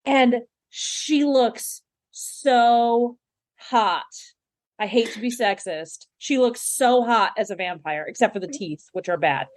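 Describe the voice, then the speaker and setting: A woman co-hosting a podcast, chatting casually and gushing about a TV episode. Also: a little high. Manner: effusive, gushing, quick to laugh along. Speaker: podcast co-host. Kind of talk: casual chat recapping a TV episode.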